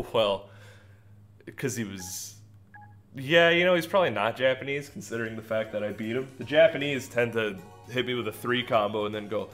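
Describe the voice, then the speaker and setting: A man's voice: mid-range voice, moderate pace, a bit bright, faint music behind. A young man giving casual gameplay commentary, goofy and rambling, laughing at his own jokes. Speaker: gaming commentator.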